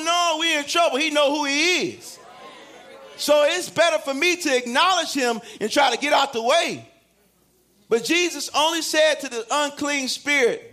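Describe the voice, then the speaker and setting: A man preaching a sermon in a church, swinging from shouts to hushed tones and acting out quoted voices. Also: very high-pitched.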